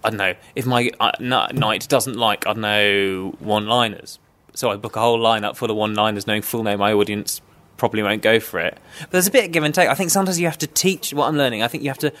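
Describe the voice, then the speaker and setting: A man's voice: fairly low pitch, fast, few pauses, fairly bright tone. A man hosting a comedy podcast in casual chat, joking and laughing often. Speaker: podcast host.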